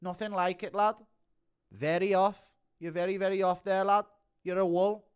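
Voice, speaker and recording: A man's voice: high voice, fairly even intonation, normal speed, smooth, pitched above the performer's own voice, lightly acted. A man putting on a Scouse accent to play a brash Liverpool lad. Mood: mocking. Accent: put-on Scouse.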